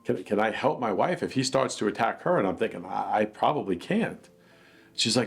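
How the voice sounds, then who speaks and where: A man's voice: fairly low pitch, animated, brisk, creaky. A man earnestly telling a personal account in a plainspoken, reflective way. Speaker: dog attack victim telling his story.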